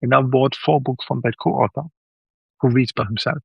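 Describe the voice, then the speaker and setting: Gravelly man with German accent. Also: medium pitch, moderate pace, no echo, muffled recording. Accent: German, with some Swiss. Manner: animated, acts out quoted reactions. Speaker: guest author. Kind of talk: casual interview chat.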